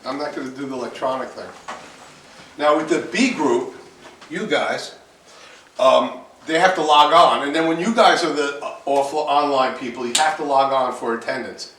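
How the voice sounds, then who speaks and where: A man teaches a cooking class at normal speed in a mid-range, fairly bright voice. Sentences get restarted and repeated, and he occasionally bursts into bold exclamations. The audio is echoey, from a distant mic in a classroom, with faint hiss.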